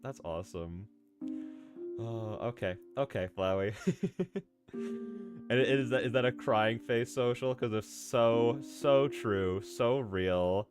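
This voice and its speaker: A man's voice: mid-range voice, big pitch swings, slow. A man streaming casually, chatting with his viewers as he reads a story, laughing often and repeating himself. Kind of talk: casual livestream chat. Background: music playing.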